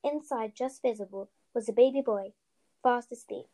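A woman co-hosting a podcast, reading a children's novel aloud with steady storytelling and a few slips. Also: a little high, normal speed, poor audio. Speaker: podcast co-host, reader.

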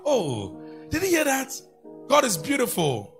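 A man's voice: high-pitched, huge pitch swings, slow, gravelly, a bit bright, faint music behind. A man preaching a sermon, breaking into sung phrases and leading the congregation in call-and-response. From Ghana. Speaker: pastor.

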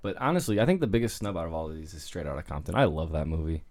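A man's voice: very deep voice, very fast. A man hosting a casual movie podcast, talking loosely with lots of fillers and laughs. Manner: animated, laughing, trails off into fillers. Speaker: podcast host.

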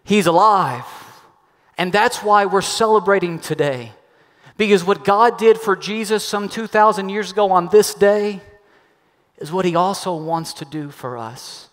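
A middle-aged male pastor preaching an Easter sermon, telling a personal story with lively, acted-out quotes. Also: high-pitched, moderate pace. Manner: animated storyteller, acts out quoted voices. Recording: long hall reverb.

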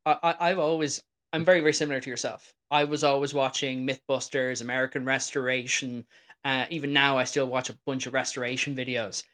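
A man hosting a podcast, telling stories in an excitable, rambling way. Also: medium pitch, a little fast. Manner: excitable rambling storyteller, many "like"s. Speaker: podcast host. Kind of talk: casual interview chat.

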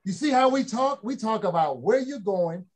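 A middle-aged man with a notably high voice tells stories about his father and daughters. He quotes family members in a folksy way, then builds up to emphatic, preacherly points for the audience. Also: lively intonation, normal speed. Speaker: speaker. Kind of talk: motivational storytelling talk.

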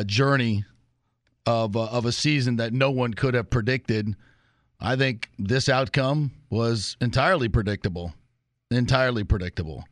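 A man's voice: medium pitch, no room sound, clean studio sound. A man hosting a sports talk show, delivering an emphatic monologue with punchy repetition. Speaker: sports radio host.

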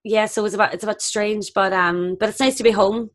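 Female guest, Northern Irish, candid and chatty, mid-pitched. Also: steady tone, fast talker. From Northern Ireland. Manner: candid, laughing anecdotes. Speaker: actress guest. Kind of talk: casual chat.

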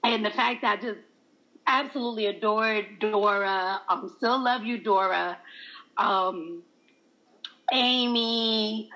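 A woman's voice: mid-range voice, slow, low-quality recording. A woman in casual chat, laughing often and acting out quoted lines as she tells stories. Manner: laughs often, animated storytelling.

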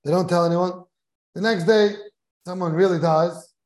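A man's voice: sits high, fairly even intonation, normal speed, a little mellow. A man who is a rabbi giving a Torah class in a study hall, telling a humorous story and chuckling as he goes, mixing Hebrew and Yiddish terms into his English.

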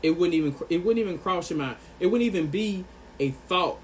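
A man's voice: sits high, lively intonation, a little fast, slight background noise. Earnest man delivering an impassioned monologue. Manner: earnest and emphatic, repeats phrases for stress. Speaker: vlogger.

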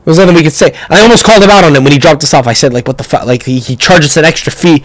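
A young man hosting a podcast, telling stories in a profane, rambling, animated way. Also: on the high side, rapid-fire, no echo, rough recording. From Canada. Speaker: podcast host. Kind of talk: casual storytelling rant.

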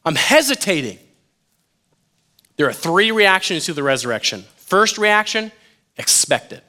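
A man delivers a relaxed, conversational sermon, talking straight to his young listeners. His voice sits a bit high and sounds bright, with pitch that swings a lot. He keeps it jokey and acts out the scenes as he goes. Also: normal speed. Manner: animated and jokey, acts out quotes, addresses listeners as "you guys".

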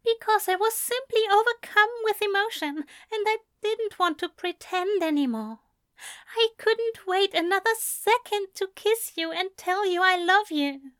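A woman's voice: very high-pitched, expressive, unhurried, a bit bright, dry recording, studio quality, voice pushed up, full character voice. A woman voicing a tender, weepy male angel who gushes breathlessly, in a fan fiction reading. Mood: gushing, tearful. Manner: breathless, gushing, tearful. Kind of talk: fan fiction read aloud.

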